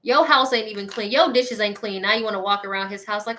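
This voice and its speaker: Sassy woman ranting with a bright voice. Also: mid-range voice, quick pace. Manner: sassy, petty, animated ranting; addresses listeners directly, laughs often. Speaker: podcast host. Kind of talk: casual comedic monologue.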